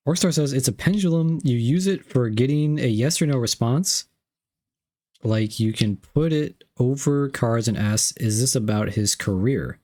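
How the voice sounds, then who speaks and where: A man's voice: medium pitch, a little mellow. A young man streaming live, reading chat messages aloud and unboxing gifts, playful and repeating himself.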